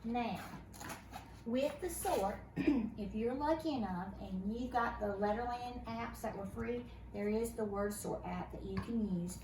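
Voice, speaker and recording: A woman's voice: fairly high pitch, unhurried. A woman teaching a first grade phonics lesson, patiently encouraging her pupils to read each word aloud, recorded at home. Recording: roomy, distant, noisy home recording.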